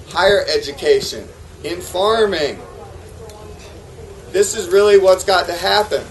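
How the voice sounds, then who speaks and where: A man's voice: sits high, a little hiss or hum, rough recording. A man giving a passionate talk to a live audience about farming, who keeps throwing rhetorical questions at the crowd. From New England. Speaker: farmer giving a conference talk.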